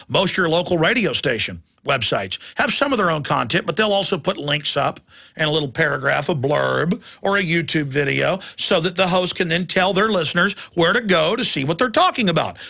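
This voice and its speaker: A man's voice: a little high, gravelly, pushed and bright. A man hosting a talk radio show, delivering an emphatic, ranting monologue.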